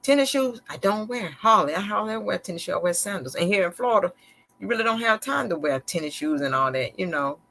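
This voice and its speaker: A woman's voice: mid-range voice, expressive, fairly quick, fairly bright tone. Woman, live-stream host, casual storytelling, candid, slightly sarcastic, repetitive phrasing. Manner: candid, conversational, a bit sarcastic and slick; loose, repetitive phrasing with restarts. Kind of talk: casual personal storytelling to viewers.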